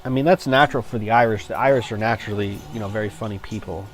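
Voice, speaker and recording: A man livestreams a game, talking casually and rambling between reactions to the play, with plenty of fillers and restarts. His voice sits on the low side and he races along.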